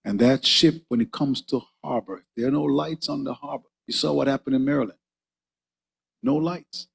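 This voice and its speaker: A man's voice: mid-range voice, moderate pace, vocal fry, slightly rough. A man preaching and praying fervently in a church, repeating "oh God" between phrases. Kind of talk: sermon and prayer. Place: church sanctuary.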